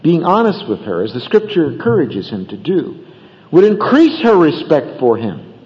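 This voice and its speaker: A man's voice: on the high side, wildly swooping pitch, moderate pace, in a large hall, muffled recording. A man preaching a sermon about marriage in an earnest manner, with rising emphasis and acted bits of dialogue. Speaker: pastor.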